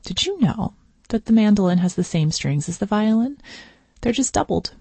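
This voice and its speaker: A woman's voice: medium pitch, animated, normal speed, darkish tone, breathy edge, no room sound. A woman hosting a classical public radio show, chatty and enthusiastic, laughing easily between announcements. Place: radio studio. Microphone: studio microphone.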